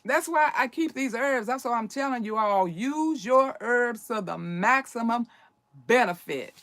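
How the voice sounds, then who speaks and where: A woman's voice: lively intonation, measured pace, a bit bright, no echo. A middle-aged woman chatting casually in a how-to vlog about herbal remedies, peppering her talk with "you know" and "okay?" and acting out the voices in her stories. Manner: acts out quoted voices with big pitch swings.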